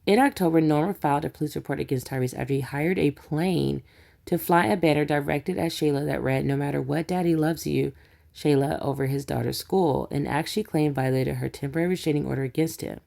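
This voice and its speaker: A woman's voice: deep voice, fairly quick, creaky, a little mellow. A woman hosting a celebrity gossip channel, reading news quotes aloud and breaking off with sarcastic asides in a casual commentary style.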